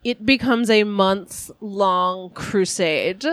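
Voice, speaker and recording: A woman's voice: mid-range voice, extremely slow, fairly bright tone, no echo, clean studio sound. A woman co-hosting a podcast, eagerly retelling a funny story with frequent laughs. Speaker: podcast co-host. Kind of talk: casual comedic chat.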